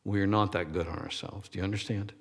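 A man's voice: deep voice, steady tone, fast talker, vocal fry, husky. A man in his sixties preaching a sermon, rambling and self-deprecating, often laughing at himself. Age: 60s. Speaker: pastor. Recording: long hall reverb.

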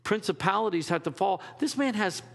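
Rambling pastor preaching in a reverberant hall. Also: male voice, high voice, animated, a little fast, creaky, fairly bright tone. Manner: conversational, rambling with restarts and quoted asides. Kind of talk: sermon.

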